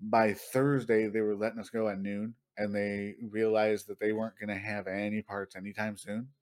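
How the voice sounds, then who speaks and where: A man's voice: fairly low pitch, level tone, normal speed. A man co-hosting a podcast in casual chat, loose and profane, laughing often. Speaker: podcast co-host.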